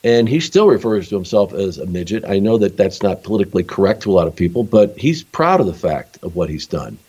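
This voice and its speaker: A man's voice: sits low, sing-song, quick pace, warm tone, husky, lo-fi sound. A man hosting a podcast interview, talking in an easygoing, reflective way. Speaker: podcast host.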